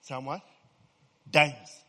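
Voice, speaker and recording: A man's voice: drawn-out words, sharp tone, in a large hall. A man preaching a humorous, conversational sermon, constantly checking in with "eh?" and "okay?" and answering his own questions. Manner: peppers talk with "eh?" and "okay?" checks to the congregation.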